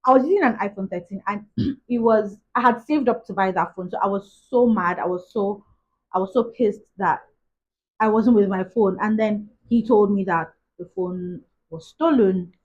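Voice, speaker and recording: Young woman vlogger, husky, casual chatty storyteller, muffled lo-fi sound. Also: medium pitch, normal speed. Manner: chatty, retells events with many "like" asides. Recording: dull lo-fi recording.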